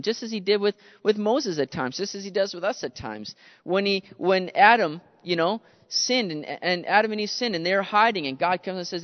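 A man preaching a sermon in an earnest, conversational way, reading scripture and paraphrasing it, in a large hall with a dull recording. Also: high voice. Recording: dull sound with long hall reverb.

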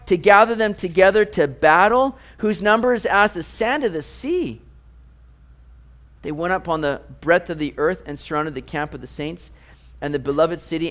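A man preaching a sermon, reading scripture and explaining it with animated, playful asides. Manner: animated, jumps to high mock voices for jokes. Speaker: pastor.

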